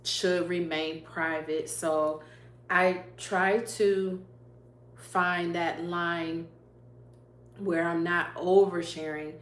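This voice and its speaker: Slow, earnest woman sharing a testimony. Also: fairly low pitch. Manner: earnest, emotional, laughs often; reads viewer comments aloud. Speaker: YouTube livestream host. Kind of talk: livestream testimony. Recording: echoey room, faint hum.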